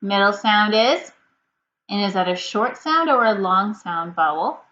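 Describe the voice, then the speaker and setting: Woman, teacher, reading lesson for small children, patient, slow clear prompts, medium pitch, slightly muffled recording with faint hiss. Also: lively intonation, pushed and bright.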